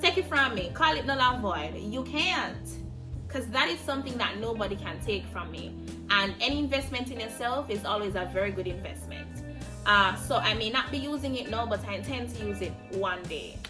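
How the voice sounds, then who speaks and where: A woman's voice: mid-range voice, lively intonation, normal speed. A Jamaican woman in her twenties speaking earnestly in a reflective personal vlog. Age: 20s. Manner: earnest, heartfelt, emphatic. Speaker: vlogger. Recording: distant mic with music behind. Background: music.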